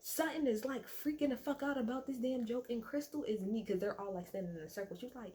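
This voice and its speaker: A woman's voice: a little high, quick pace, few pauses, mellow. A woman recapping a reality TV episode in casual chat, rambling and swearing freely with plenty of fillers, talking at home at night.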